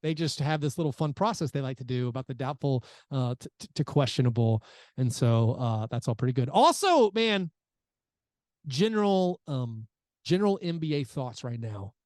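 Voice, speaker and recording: A man's voice: mid-range voice, steady tone, fairly quick, warm tone, no room sound. A man co-hosting a sports podcast in casual chat, talking loosely and restarting his sentences. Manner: chatty, restarts mid-sentence. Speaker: podcast co-host.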